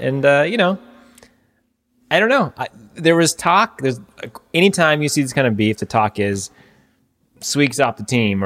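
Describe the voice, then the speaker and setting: A man co-hosting a casual chat. He hedges a lot and leans on fillers, and his voice rises and falls in a lively way around a middle pitch. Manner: chatty, hedging with fillers. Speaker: podcast co-host.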